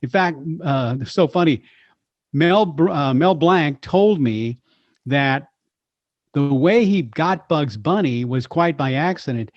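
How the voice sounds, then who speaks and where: A man's voice: fairly high pitch, slow pace, no echo. A man, a voice actor and impressionist, telling stories animatedly as a guest in a chat. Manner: animated storyteller, slips into voices. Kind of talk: storytelling chat. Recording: slightly dull lo-fi sound.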